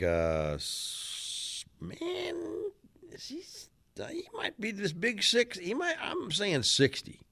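A man's voice: fairly low pitch, fairly bright tone, dry recording. A man co-hosting a radio show in casual banter, often hesitating with fillers while he thinks. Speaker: radio co-host.

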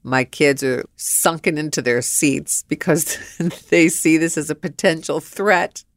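A middle-aged woman hosting a podcast, telling stories in an animated, blunt way, laughing and swearing. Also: deep voice, a little slow, no room sound. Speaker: podcast host. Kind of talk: storytelling monologue.

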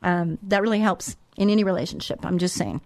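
A woman's voice: fairly low pitch, brisk, darkish tone, no echo. Middle-aged woman radio host, faith talk, conversational and repetitive, dry close mic. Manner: conversational, repeats words, says "okay?" and "you know". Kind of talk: Christian parenting talk.

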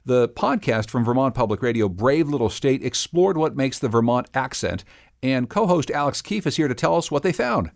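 Measured male public radio host. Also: mid-range voice, animated, gravelly. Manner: measured, scripted introductions.

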